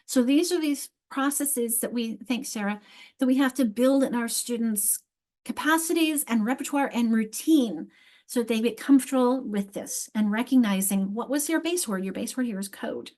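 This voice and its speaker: Woman, literacy workshop presenter, slightly high pitch, teacherly, step-by-step explaining, frequent self-corrections. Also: moderate pace, a little mellow. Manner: teacherly, asks the audience questions. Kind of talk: online teacher training presentation.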